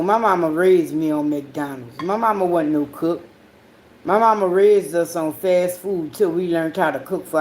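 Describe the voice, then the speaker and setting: A woman hosting her own podcast, telling rambling, profanity-heavy stories in a casual monologue, swinging between loud outbursts and low mutters. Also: slight background noise. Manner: profane, rambling storytelling with frequent swearing. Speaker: podcast host.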